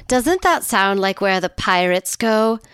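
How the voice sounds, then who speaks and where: A woman co-hosting a podcast, reacting with jokes and expressive asides in casual chat. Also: mid-range voice, a little slow, smooth, no echo, clean studio sound. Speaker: podcast co-host.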